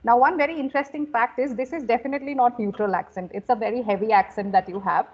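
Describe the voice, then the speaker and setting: A woman from India, working as a communication coach, hosts a conversational interview in a rather high voice at a quick pace. She is encouraging and full of affirmations, though the audio sounds dull.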